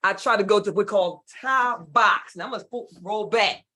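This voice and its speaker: A woman from the United States with a Southern drawl, leading an online leadership workshop in a lively, folksy and playful way. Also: mid-range voice, normal speed. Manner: animated, folksy, playful, repeats herself. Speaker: leadership speaker. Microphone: computer mic on a video call.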